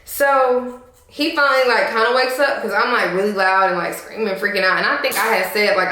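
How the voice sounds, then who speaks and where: A young woman with a drawl tells a storytime straight to her viewers, sassy and animated. Her voice sits at an ordinary pitch for a woman. The recording rings with heavy room echo. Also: normal speed. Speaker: vlogger. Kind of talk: storytime chat to camera. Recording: echoey room.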